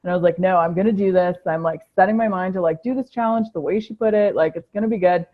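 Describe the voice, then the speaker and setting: A woman's voice: medium pitch, quick pace. A woman guest in a casual interview telling stories animatedly and acting out her own past reactions. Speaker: program participant, interview guest. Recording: tinny phone-like line.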